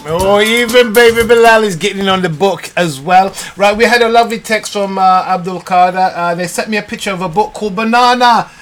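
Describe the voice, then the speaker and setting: A man with a fairly high voice hosts a radio talk show. He reads out listener messages in a relaxed, chatty way, often pausing on ums and uhs. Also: soft background music. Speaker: radio host.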